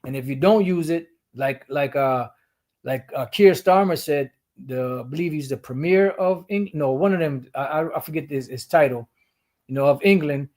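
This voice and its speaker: A man's voice: fairly high pitch, normal speed, a little mellow. A man teaching the Bible while sharing his screen, explaining step by step and often repeating and restarting his phrases.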